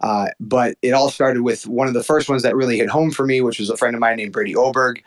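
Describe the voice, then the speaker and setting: An energetic man joins a podcast through a call-in line. He is a bit out of breath and sounds upbeat and jokey, with an ordinary mid-range voice. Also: mid-range voice, fast, poor audio. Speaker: wrestling promoter, guest. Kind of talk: phone-in interview. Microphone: phone call-in.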